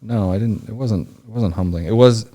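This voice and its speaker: Interview guest, man in his forties, from Indianapolis: low, warm voice, halting storyteller. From Indianapolis, United States. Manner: rambling, halting, full of restarts and fillers. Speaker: podcast guest, former Navy SEAL and historian.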